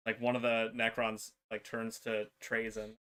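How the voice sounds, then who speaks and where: A man co-hosting a casual live stream, explaining haltingly with many fillers. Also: on the low side, monotone, fairly bright tone, smooth. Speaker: co-host.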